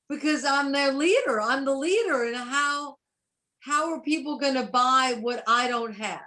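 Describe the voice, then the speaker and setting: Woman, team member on a video call, bright forceful voice, a bit high. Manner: chatty, enthusiastic anecdote teller. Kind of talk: casual chat on a video call.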